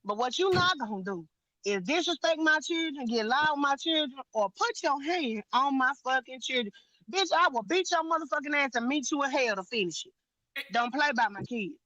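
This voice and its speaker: A woman's voice: high voice, lively intonation, normal speed, bright, forceful tone, no echo, highs cut off. A woman telling a heated story on a live panel, blunt and profane, with lots of emphasis.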